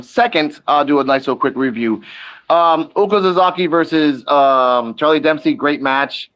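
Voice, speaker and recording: A man co-hosting a casual wrestling podcast, who gives quick rundowns with sudden excited outbursts. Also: a little high. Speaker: podcast co-host.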